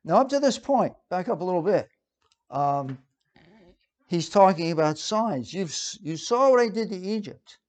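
A man's voice: sits high, moderate pace. Conversational man preaching a sermon. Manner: conversational, lively, with frequent fillers and restarts.

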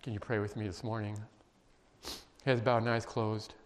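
A man preaching a sermon, emphatic and emotional, dropping to quiet intense passages. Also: fairly low pitch, level tone, normal speed, slight background noise. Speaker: pastor. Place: church sanctuary. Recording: long reverb of a large hall.

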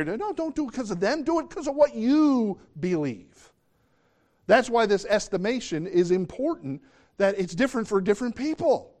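A man preaching a sermon as pastor, talking conversationally and jumping into excited, high bursts. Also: moderate pace.

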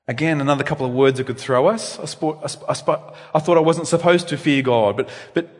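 A man preaching a sermon in a church, with animated delivery that swings between loud emphasis and quiet reflection. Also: fairly high pitch. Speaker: pastor. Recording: long reverb in a church.

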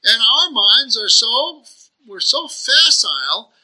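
A man's voice: extremely high pitch, very animated, slow, sharp tone, poor audio. A man preaching a sermon, earnest and searching, asking rhetorical questions and often restarting his phrases.

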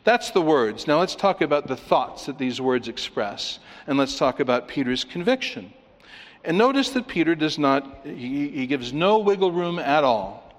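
A man preaching an expository sermon, emphatic, with rhetorical questions and swings between loud and quiet. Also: on the high side, very animated, moderate pace. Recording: long reverb of a large hall.

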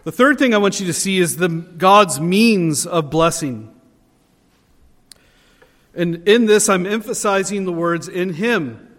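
High-voiced man preaching in a reverberant hall. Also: expressive, a little slow, long pauses, fairly bright tone. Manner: earnest preaching, rising in emphasis on key phrases. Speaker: pastor. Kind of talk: sermon. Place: church sanctuary.

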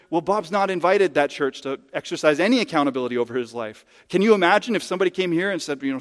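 A man's voice: a little high, animated, fast, few pauses, long reverb tail. A man preaching a sermon as pastor in a conversational, emphatic way, using hypothetical examples. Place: church sanctuary.

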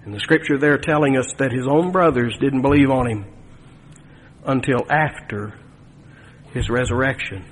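A man preaching a sermon in a folksy, animated way, with asides to his congregation. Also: medium pitch, normal speed, long pauses, slight background noise. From Nevada. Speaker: pastor. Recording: long reverb of a church hall.

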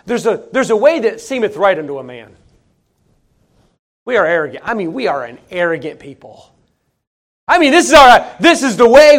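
A male preacher with a high, light voice delivers a sermon. He swings between loud emphatic bursts and soft, low asides, and he repeats his phrases as he builds each point. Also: normal speed. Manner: animated, emphatic, folksy preaching with repetitions.

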